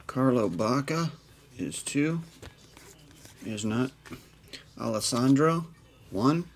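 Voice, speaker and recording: A man's voice: mid-range voice, lively intonation, a little hiss or hum. A man hosting a live trading card break, reading out players and numbers with dry asides. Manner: unhurried, reads off card numbers with dry jokes.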